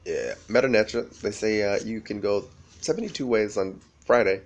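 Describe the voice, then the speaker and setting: A man's voice: on the low side, normal speed, muffled recording. A man rambling through a profane monologue, often laughing as he talks.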